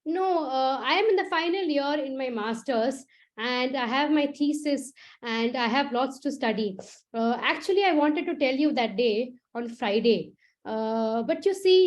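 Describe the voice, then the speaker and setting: A woman's voice: sits high, a little mellow. A woman doing a timid, stammering young student. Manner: hesitant, stammering, many fillers.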